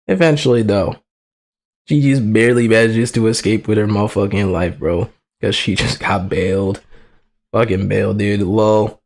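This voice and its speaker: A young man streaming live in casual commentary, talking in slang with lots of swearing and frequent laughter. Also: on the low side. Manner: slangy, profane, laughs often, excitable. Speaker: livestreamer.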